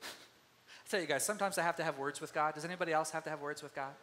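A man preaching with a high, bright voice that carries through a long hall reverb. He is animated and talks to the congregation the way one talks to friends, and he acts out the voices of biblical figures. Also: fast. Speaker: pastor. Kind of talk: sermon. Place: church sanctuary.

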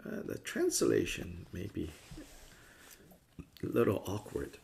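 A man's voice: low voice, wildly swooping pitch, slow, vocal fry, very noisy. A man teaching a Buddhist class in a conversational way, often acting out the views he discusses with playful voices. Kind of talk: dharma class lecture.

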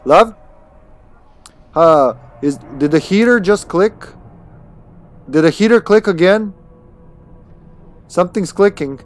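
A man's voice: sits high, expressive, slow, long pauses. A man streaming a video game live, chatting casually to himself with swearing and chuckles. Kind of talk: live gaming commentary.

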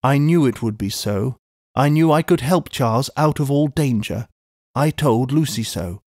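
A man playing a calm, self-assured older doctor who speaks with cool confidence in a storybook reading. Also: mid-range voice, moderate pace, no echo, studio quality. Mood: calm confident.

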